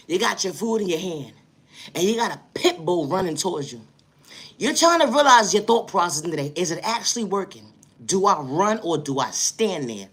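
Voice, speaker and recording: A woman with a New York City accent telling a comedic story as an animated, slangy, exasperated rant full of repeated catchphrases. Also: mid-range voice, a little fast, breathy edge.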